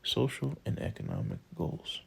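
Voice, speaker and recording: A man narrating a textbook audiobook, reading list items in a slow, measured way. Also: deep voice, wildly swooping pitch, vocal fry, slight background noise, low-quality recording.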